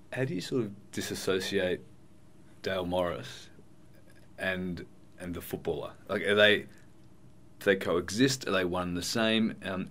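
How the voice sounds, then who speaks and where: A man's voice: deep voice, fairly bright tone. A man hosting a podcast, asking long probing questions with stumbled starts. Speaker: podcast host. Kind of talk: podcast interview.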